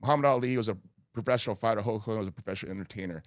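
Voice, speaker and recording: A man's voice: lowish voice, very fast, no echo, clean studio sound. A middle-aged man, a guest in a candid podcast talk, speaking in heated bursts with stammered restarts. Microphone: studio mic.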